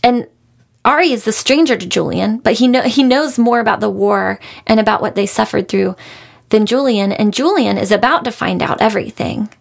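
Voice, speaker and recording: In a casual solo book review, this female podcast host speaks at a normal pace in a high, creaky voice. She comes across as earnest and moved, clearly heartfelt about a book she adored.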